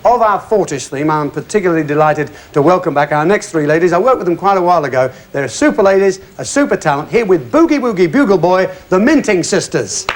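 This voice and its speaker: A man's voice: high-pitched, lively intonation, fast, hardly any pauses. A man hosting a game show, chatty and encouraging with the guests. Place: TV studio. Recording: loud studio audience and noise.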